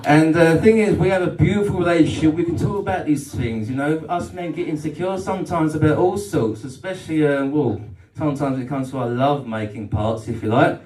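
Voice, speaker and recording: A man's voice: on the high side, fairly quick, hardly any pauses, darkish tone. A man doing a live stand-up set, crude and self-deprecating, bantering with the crowd. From England. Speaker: stand-up comedian. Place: comedy night in a club function room. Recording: roomy live hall from far off.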